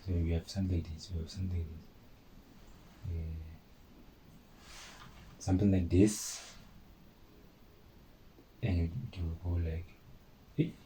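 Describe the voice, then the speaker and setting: A maths tutor with a deep, dark-toned voice teaches a lesson, chatting informally with his viewers, calling them "guys" and repeating the key points. The recording is low quality, with slight background noise.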